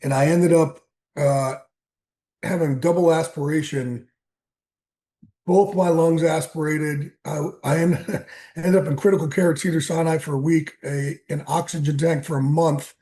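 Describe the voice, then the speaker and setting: Frank, warm-toned man telling his story. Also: fairly high pitch, steady tone, a little slow. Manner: frank, self-deprecating, with restarts and fillers. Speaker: sports broadcaster and trainer. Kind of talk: candid personal storytelling.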